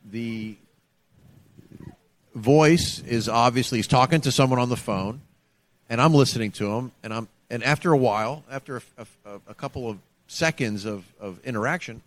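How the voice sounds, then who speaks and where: A man from Florida, co-hosting a podcast and telling a story in a casual, animated way, acting out the voices he quotes. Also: medium pitch. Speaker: podcast co-host.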